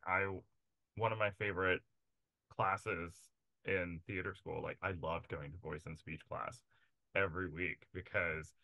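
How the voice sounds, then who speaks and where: Male interviewer, low voice, hesitant and wordy, dry close sound. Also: sharp tone, no room sound. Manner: halting, searching for words, many fillers. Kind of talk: casual interview chat.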